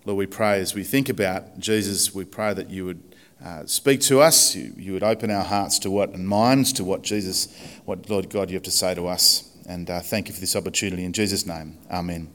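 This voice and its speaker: A man's voice: deep voice, a little fast, a bit bright. A man preaching a casual, chatty sermon in church, self-deprecating, with many fillers and restarts. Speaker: pastor.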